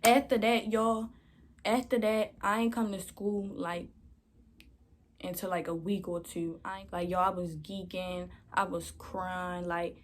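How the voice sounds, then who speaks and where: A woman's voice: on the low side, level tone, a little slow. A young woman vlogger telling a storytime in a rambling, slangy way, often calling her viewers y'all. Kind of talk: casual storytime.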